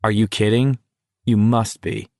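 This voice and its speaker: A man's voice: on the low side, level tone, unhurried, creaky, dark tone, no room sound, clean studio sound. A man voicing a weary, bitter teenage boy in an audiobook, speaking bluntly and grimly.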